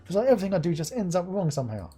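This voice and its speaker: A woman voicing a stressed young man who worries about his partner. He talks low and weary, half muttering, with a dark, husky tone. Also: very animated, very fast. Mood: worried.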